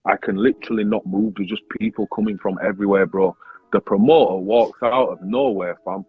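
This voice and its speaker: A man, a grime artist and battle rapper telling a story in a casual interview, animated, swearing often and saying "bro" all the time. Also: on the low side, husky, no room sound. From Leeds, England. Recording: tinny phone-like sound with faint music.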